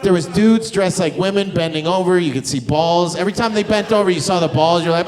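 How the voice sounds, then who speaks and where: On a club stage, a Canadian stand-up comedian does brash, profane crowd work, swinging into mocking put-on voices as the audience laughs. His voice sits high and he talks briskly with few pauses.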